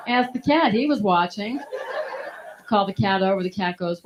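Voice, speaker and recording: A woman's voice: fairly high pitch, a little fast. A woman doing a stand-up comedy set, punchy and laughing at her own jokes. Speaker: stand-up comic. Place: live comedy stage. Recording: dull lo-fi live recording.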